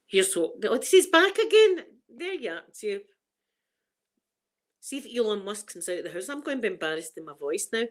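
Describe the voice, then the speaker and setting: A middle-aged woman with a Glaswegian accent, chatting casually to her viewers in a rambling, laughing way, her voice starting to go hoarse. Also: fairly high pitch, very animated, measured pace, long pauses, rough recording. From Scotland. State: voice going hoarse. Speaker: vlogger.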